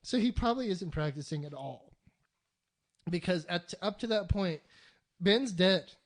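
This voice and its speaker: A podcast co-host chatting casually, swearing constantly and acting out quick mock voices for the characters. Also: mid-range voice, expressive.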